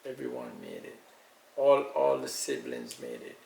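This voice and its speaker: An older Jamaican man with a gravelly voice tells family memories at an easy, reminiscing pace. He sits well back from the mic in an echoey room with a faint hiss of noise underneath. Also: a bass voice, wildly swooping pitch, darkish tone, recorded from a distance. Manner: unhurried, reminiscing storyteller. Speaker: elder being interviewed. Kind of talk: casual recollection.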